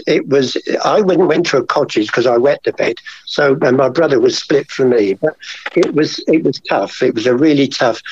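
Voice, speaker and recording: A man's voice: mid-range voice, darkish tone, no room sound. An older man, a painter telling long rambling stories about his childhood as an interview guest. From England. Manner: rambling, chatty, many asides. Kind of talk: casual storytelling interview. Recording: slightly dull lo-fi audio.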